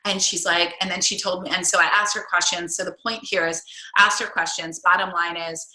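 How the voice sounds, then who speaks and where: A woman's voice: lowish voice, steady tone, a little fast, pushed and bright, echoey room, rough recording. A young woman coaching a group call, telling a story in a casual, rambling way with many restarts and fillers.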